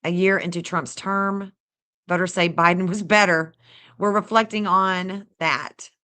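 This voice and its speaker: A woman hosting a casual livestream, chatty and excitable, talking straight to her viewers and laughing often. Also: lowish voice, unhurried. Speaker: livestream host reading astrology maps.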